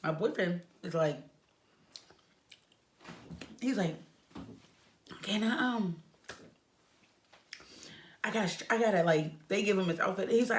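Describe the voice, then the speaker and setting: A woman's voice: a little slow, long pauses, a little hiss or hum. A young woman telling a personal story in a casual, emotional way, with big swings in her voice. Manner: animated, emotional retelling with lively pitch swings. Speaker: vlogger telling a birth story.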